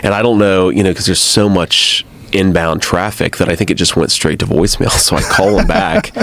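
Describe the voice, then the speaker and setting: Deep gravelly-voiced man telling stories. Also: steady tone, fairly quick, fairly bright tone, dry recording. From United States. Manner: laughs often while telling anecdotes. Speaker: interview guest. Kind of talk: casual storytelling.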